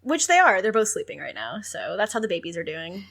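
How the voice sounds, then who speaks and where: A woman's voice: medium pitch, a little fast, gravelly. A young adult woman co-hosting a podcast, chatting casually, laughing easily and reading listener questions aloud. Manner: giggly, animated, reads listener questions aloud. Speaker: podcast co-host. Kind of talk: casual chat.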